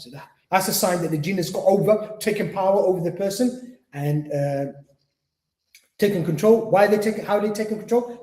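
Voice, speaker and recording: A man's voice: high voice, fairly quick, a little mellow. Earnest man lecturing in an echoey room. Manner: repetitive, earnest, acts out quoted patients. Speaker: Islamic teacher. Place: lecture room at an Islamic centre. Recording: roomy echo.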